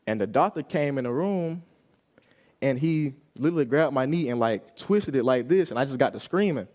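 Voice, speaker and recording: A man's voice: medium pitch, animated, normal speed, a little mellow. A young man giving a personal testimony at a youth service, telling his story casually and acting out what people said.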